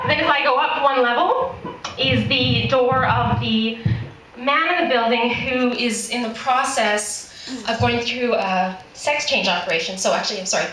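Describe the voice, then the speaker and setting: Canadian woman, high voice, lively storyteller, laughs a lot, echoey room, mic far off. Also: moderate pace. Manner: lively, laughs often between lines. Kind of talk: humorous personal storytelling.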